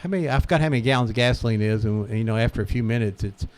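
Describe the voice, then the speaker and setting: A man of middle pitch co-hosts a loose radio conversation. He tells old stories in a chatty, rambling way. His talk is full of quick yeahs and restarts. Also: a little mellow. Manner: chatty, storytelling, lots of yeahs. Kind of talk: casual radio chat.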